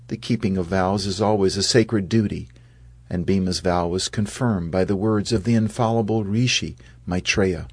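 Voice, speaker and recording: Deep, husky-voiced male storyteller. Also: dry recording. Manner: measured storytelling, raising voice for quoted speech. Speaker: narrator. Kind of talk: scripted narration of an epic tale.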